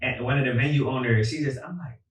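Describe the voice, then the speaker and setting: This man is a podcast guest from Philadelphia, chatting casually with lots of likes and ums. His voice sits at an ordinary pitch and carries the reverb of a roomy space, heard from some distance off the mic. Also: fast. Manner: relaxed, storytelling with filler words. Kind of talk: casual conversation.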